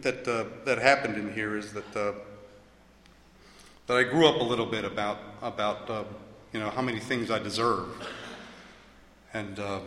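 A man speaks in a halting, searching way at a recovery meeting, often stumbling over his words and starting sentences again. His voice is bright and forceful. It rings out through a large, echoey hall with a long reverb tail. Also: medium pitch. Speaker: member sharing at a recovery meeting. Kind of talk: personal share with a told joke.

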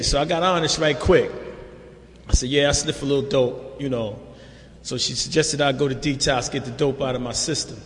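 Older New man, slightly high voice, telling his recovery story streetwise and loose, with a long hall echo behind him. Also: breathy edge. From New York. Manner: streetwise, loose and conversational, constant "you know". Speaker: speaker sharing at a recovery meeting. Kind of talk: recovery testimony. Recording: reverberant hall.

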